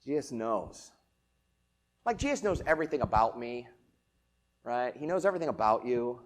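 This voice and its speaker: A man preaching a sermon in a casual, conversational way, asking rhetorical questions and swinging between loud emphatic lines and quiet ones. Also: medium pitch, big pitch swings, normal speed. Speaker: pastor.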